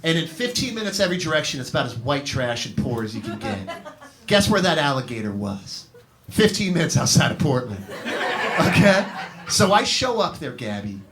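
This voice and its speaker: A man's voice: mid-range voice, moderate pace. A man doing comedic storytelling on a live advice panel, profane and rambling, swinging his voice up and down as he keeps turning to the person asking. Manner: profane, rambling, animated storyteller who keeps addressing the asker. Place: comedy venue with live audience. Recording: live show with audience laughter. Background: crowd laughing.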